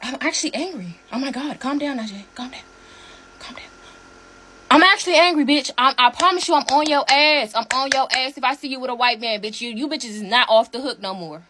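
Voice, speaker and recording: A woman rants to her audience, heated and full of profanity, circling back to the same points again and again. Her voice sits high and sounds bright and sharp. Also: brisk, slight background noise. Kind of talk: heated rant to camera.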